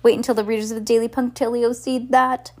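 A woman's voice: fairly high pitch, little pitch movement, fast talker, darkish tone, voice pushed up, close to an everyday voice. A woman voicing an eager, gossipy female newspaper reporter who gushes and pleads breathlessly in a storybook reading. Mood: gushing.

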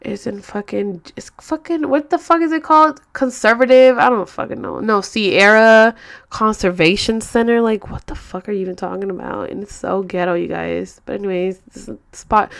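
A woman's voice: mid-range voice, gravelly. A woman tells a story in a loose, rambling way. Her speech is full of swearing and filler words. She sounds like she is in her thirties and talks casually to her viewers. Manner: profane, rambling, animated. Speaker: vlogger.

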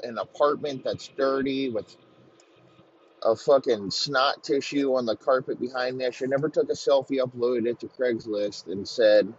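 A nervous young woman scolds herself in a rambling, profane monologue, as a man puts her on in his ordinary voice. She talks slowly over a dull, lo-fi recording with faint hiss in the background. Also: medium pitch, a little mellow, close to an everyday voice.

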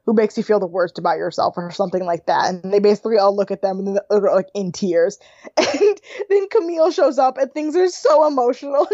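A woman's voice: mid-range voice, expressive, a little fast, warm tone, no room sound, highs cut off. A young woman co-hosting a podcast, chatting casually and laughing often. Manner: giggly, frequent laughter. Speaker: podcast co-host. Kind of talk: casual chat recapping a reality show.

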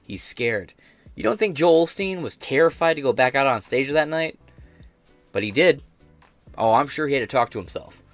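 A man's voice: mid-range voice, expressive, normal speed, no room sound, soft background music. An American man hosting a podcast, reacting to news in a blunt, profane rant. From United States. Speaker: podcast host. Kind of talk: casual reaction commentary.

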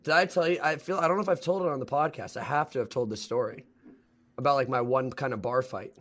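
A man's voice: medium pitch, quick pace, a bit bright. A young man hosting a podcast, telling a story in casual chat, rambling and full of slang, laughing often. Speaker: podcast host.

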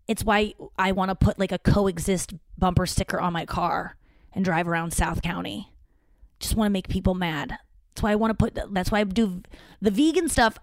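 On her own podcast, a woman whose voice sits on the low side talks candidly and casually in a rambling way. She swears freely and often starts sentences over, and the recording has no room sound.

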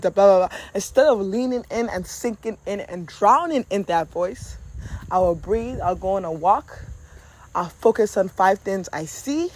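Candid, casual motivational talker. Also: mid-range voice. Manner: candid, conversational, with occasional profanity; addresses listeners directly and familiarly.

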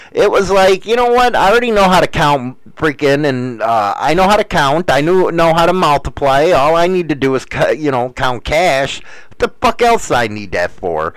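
A man hosting a casual chat, answering viewer questions in a crude, profane, rambling way full of "uh" fillers. He often swings into loud rants. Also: mid-range voice, no room sound, poor audio.

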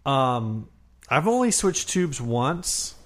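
A man's voice: mid-range voice, big pitch swings, slow. A man with an ordinary mid-range voice, co-hosting a casual podcast. He rambles through his points and circles back as he talks. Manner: rambling, lots of fillers and restarts. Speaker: podcast co-host. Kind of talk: casual chat.

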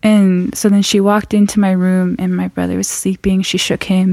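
A woman telling a frightening personal story in an earnest, halting way, often restarting her sentences. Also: mid-range voice, flat delivery, gravelly, a little mellow, no room sound.

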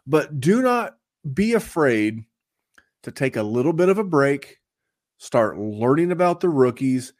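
A man's voice: mid-range voice, very animated, a little slow. Upbeat rambling male podcast host. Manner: upbeat, rambling, hands out shout-outs and plugs. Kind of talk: casual podcast chat.

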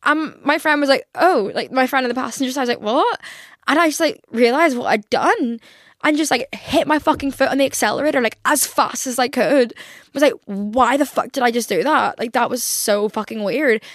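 A woman's voice: high-pitched, a little fast, fairly bright tone, no room sound, clean studio sound. A young woman in her twenties hosting a casual solo podcast, rambling, swearing a lot and acting out her own reactions. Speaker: podcast host.

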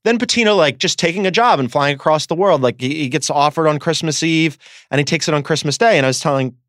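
A man's voice: a little high, a bit bright, no room sound. A man hosting a sports podcast in a studio, talking casually and laughing easily. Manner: chatty, laughs easily, quick asides. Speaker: podcast host.

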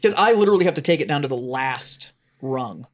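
A man's voice: mid-range voice, expressive, a little fast. A man co-hosting a podcast in casual chat, swearing freely and trailing off mid-sentence. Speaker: podcast co-host.

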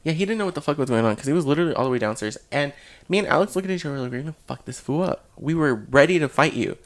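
A young man telling a story in casual chat with friends, animated and swearing, talking in fast bursts. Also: on the high side.

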